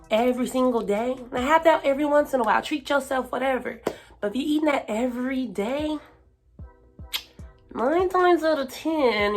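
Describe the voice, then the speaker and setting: A woman giving casual self-help advice to camera, chatty and full of fillers. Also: on the high side. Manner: chatty, lots of fillers, hypes herself up.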